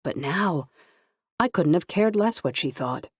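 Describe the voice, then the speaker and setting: An audiobook narrator reads a first-person novel in a steady, even storytelling manner. The voice sits at a middle pitch. The recording is dry and close. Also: a little slow, husky, no echo.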